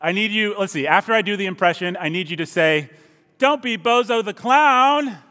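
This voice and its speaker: A pastor preaching in a hall. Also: male voice, high voice, animated, normal speed, bright, forceful tone. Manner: playful and chatty with the congregation. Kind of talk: sermon. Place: church service. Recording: long reverb of a church hall.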